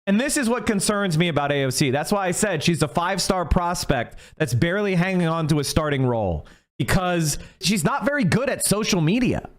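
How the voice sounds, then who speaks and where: A man streaming a heated political rant, angry and profane, fired up as he goes. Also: sits high. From United States.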